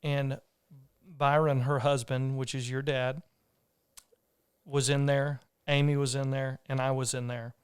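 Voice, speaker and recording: A man hosts a podcast, telling a story in an earnest, rambling way. His voice is smooth and clear, with an even, steady pitch. The sound is close and dry. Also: a little slow, no room sound. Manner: earnest, rambling with restarts and fillers. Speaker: podcast host. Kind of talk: casual conversational storytelling.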